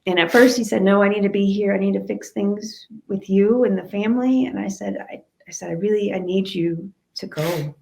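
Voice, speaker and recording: A woman's voice: mid-range voice, a little fast, gravelly, hardly any pauses, warm tone. A woman guest in an interview, candidly and reflectively telling her family story.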